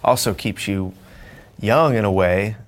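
A man's voice: lowish voice, a little slow. A man interviewing casually, asking curious follow-up questions.

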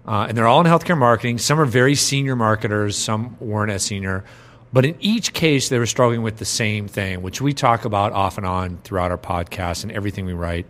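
A man's voice: lowish voice, fairly quick, a bit bright. A man hosting a podcast in casual chat, joking and rambling, laughing often. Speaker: podcast host, agency president.

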